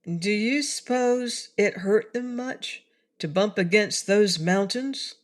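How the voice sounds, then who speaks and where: A woman voicing a hesitant young girl in a storybook reading, in a high, wondering voice. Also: slow pace, close to an everyday voice. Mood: uneasy.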